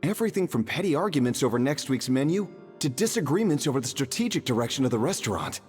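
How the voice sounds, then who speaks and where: A man's voice: medium pitch, big pitch swings, fast, darkish tone, natural voice. An actor voicing a man in a game who explains an old tradition in a storytelling way. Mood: explaining. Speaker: game character. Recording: game audio with light reverb and faint music.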